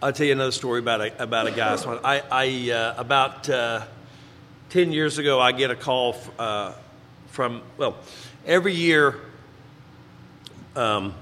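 A man with a bright, mid-pitched voice joins the conversation casually. He acts out quoted lines with animation and uses plain everyday words. A reverberant room with a faint hum of ambience surrounds his voice. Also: normal speed, pauses often. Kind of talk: casual chat.

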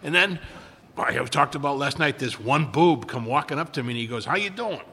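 A man's voice: mid-range voice, a little fast, pushed and bright, a little hiss or hum. An older man sharing his recovery story in casual talk. He rambles, stops and restarts a lot, and stammers over his words. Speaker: recovery speaker. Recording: long hall reverb.

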